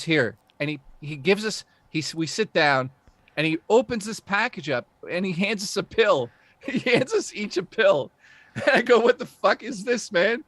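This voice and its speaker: A man from Canada telling a long, lively story in casual livestream chat, swearing and laughing as he goes. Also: high voice, no room sound.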